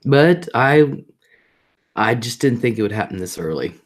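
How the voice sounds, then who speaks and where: A woman's voice: very deep voice, lively intonation, measured pace. A middle-aged woman hosting a casual live stream, reading viewer comments aloud and telling family stories in a chatty way, repeating herself for emphasis. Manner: mimics voices when retelling family moments. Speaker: livestream host.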